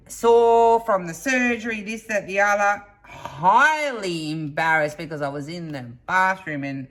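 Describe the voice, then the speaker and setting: A woman's voice: deep voice, a bit bright. A woman hosting a crafting channel, telling stories in a chatty, rambling way with many asides. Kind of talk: casual storytelling to camera.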